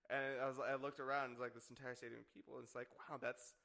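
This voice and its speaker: Gravelly-voiced young man rambling. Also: mid-range voice, level tone, quick pace, sharp tone. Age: 20s. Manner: rambling, heavy use of filler words. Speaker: podcast guest. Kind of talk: casual chat.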